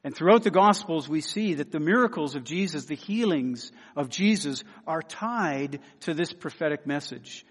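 An earnest man delivering a sermon, his voice sitting a touch high for a man. He leans on repeated phrases for emphasis and sinks into hushed, pleading tones. A long reverb trails each phrase. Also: animated, moderate pace, hardly any pauses, husky. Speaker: preacher.

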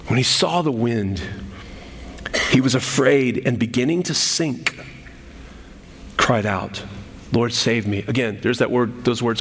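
A man's voice: mid-range voice, unhurried, pauses often, fairly bright tone. A man preaching a sermon, telling the story animatedly, with frequent repeats and restarts. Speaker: pastor. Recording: long hall reverb.

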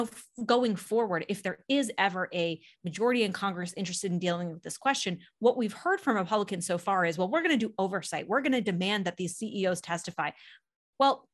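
A woman co-hosting a political panel talk, laying out evidence point by point in a brisk, sardonic way. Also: medium pitch. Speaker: political podcast co-host. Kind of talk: opinionated panel discussion.

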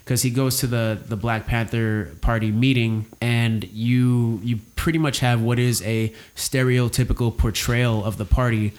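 A man talks through a film in a relaxed, opinionated way. His voice sits at an ordinary middle pitch. He circles his points with fillers and restarts. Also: a little slow, few pauses. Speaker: podcast co-host discussing a film. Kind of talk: casual discussion.

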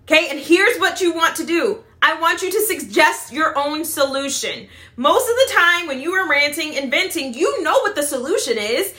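A woman's voice: high voice, animated, moderate pace, few pauses, bright, forceful tone, roomy sound. A woman giving casual advice to other moms, chatty, with a habit of tagging "right?" and acting out what people say. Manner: chatty, repeats "right?" and "blah, blah, blah"; acts out quoted voices. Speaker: mom advice vlogger. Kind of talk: casual advice talk to camera.

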